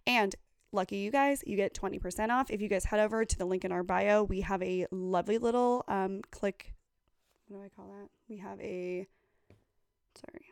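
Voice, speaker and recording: A woman's voice: medium pitch, normal speed, gravelly, clear, resonant tone, dry recording, clean studio sound. A woman hosting a podcast, chatting casually and doing an ad read in a bubbly, eager, gushing way.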